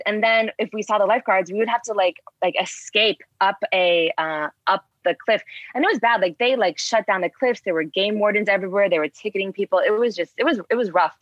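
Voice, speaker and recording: A woman talks through her experiences in a loose, animated way, peppering everything with fillers. The sound is dry and a little dull, with no room around it. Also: mid-range voice, no echo. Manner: rambling, filler-heavy, animated. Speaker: spearfishing guest. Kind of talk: casual storytelling chat.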